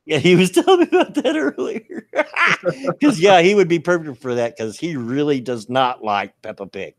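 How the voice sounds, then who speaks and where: A man in his fifties co-hosting a casual chat, talking loudly and laughing often. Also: a little high, expressive, normal speed, no echo, clean studio sound. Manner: loud, big-mouthed, laughs often. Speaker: podcast co-host.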